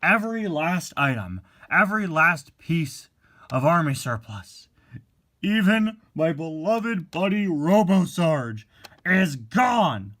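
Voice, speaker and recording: A man voicing a gruff, loud male army jeep in a toy-car play story, barking his lines sternly. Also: a little high, lively intonation, a little slow. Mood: angry. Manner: shouting, stern, drill-sergeant bark.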